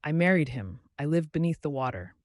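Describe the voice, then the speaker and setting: A man's voice: on the high side, animated, a little fast, no room sound, natural voice. A man voicing a young woman caught between worlds, who speaks in an emotional, pleading way.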